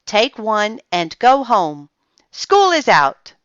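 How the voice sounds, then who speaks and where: A woman's voice: mid-range voice, sing-song, slow pace, no echo, dull audio, pitched above the performer's own voice. Woman reading as Amelia Bedelia, cheery housekeeper. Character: cheerful literal-minded adult housekeeper woman.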